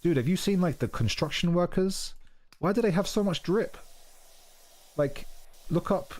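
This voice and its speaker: A man's voice: high voice, moderate pace, a little mellow. A young man from England with an English accent, chatting casually on a stream in a rambling, self-deprecating way, full of "like" and "dude". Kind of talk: casual chat.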